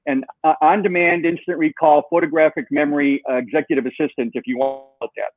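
A man's voice: on the high side, steady tone, a little fast, no room sound. A man guest in an interview, telling a long story with animation and acting out the dialogue he quotes. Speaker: guest, software co-founder. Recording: tinny phone-like line.

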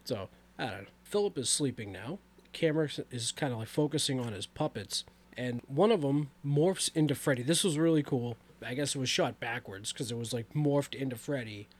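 A man's voice: mid-range voice, fairly quick. A man casually retelling a horror movie's plot in a loose, rambling way with lots of fillers. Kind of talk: casual movie recap chat.

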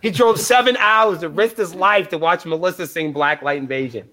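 Profane high-voiced man telling stories. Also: moderate pace. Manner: profane, animated storyteller acting out dialogue. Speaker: band member guest. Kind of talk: casual storytelling. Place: live podcast interview.

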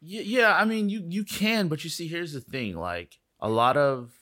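A man from South Florida, a filmmaker guest telling excitable stories and acting out quotes in an interview. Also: fairly high pitch. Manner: fast, excitable storyteller, acts out quotes. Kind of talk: animated interview talk.

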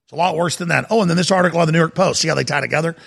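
A male talk show host rants in heated, emphatic commentary. His voice sits high and sounds very gravelly. It comes across forceful and husky. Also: racing. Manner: heated, emphatic, repeats himself. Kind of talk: agitated talk radio commentary.

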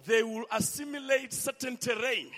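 High-voiced man preaching in a hall. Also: fairly even intonation, normal speed. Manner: sing-song, swelling to shouts, calls for amens. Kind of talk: impassioned sermon.

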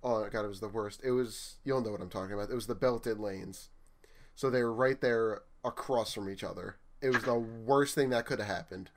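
A man's voice: fairly low pitch, a little fast, slight background noise. A young man, a store manager, telling work stories in casual chat and acting out what people said. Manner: animated storyteller, acts out quotes.

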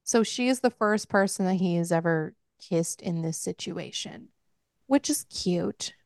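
A woman's voice: lowish voice, unhurried, gravelly, a little mellow, dry recording, clean studio sound. A woman hosting a podcast, casually and frankly recapping a book with lots of filler words. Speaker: podcast host.

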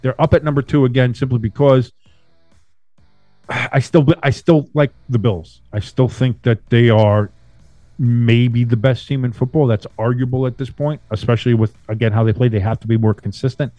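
A man's voice: mid-range voice, normal speed, no echo. A man hosting a laid-back sports podcast in a loose, profane way, his voice jumping up for emphasis. He sits close to a dry microphone. Faint music plays underneath. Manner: loose, profane, animated banter. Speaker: podcast host. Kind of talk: casual sports chat.

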